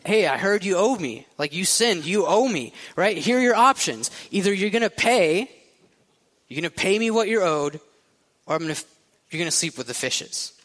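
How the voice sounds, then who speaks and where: Preacher doing a threatening mob boss with an Italian accent, pitched up and loud, in a reverberant hall. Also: male voice, expressive, moderate pace. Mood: menacing. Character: pushy male mob boss collecting a debt.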